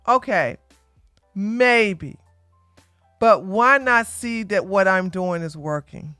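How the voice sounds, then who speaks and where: A woman's voice: mid-range voice, fairly bright tone, dry recording. A woman hosting a political commentary livestream, blunt and opinionated, with frequent stumbling restarts. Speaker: podcast host.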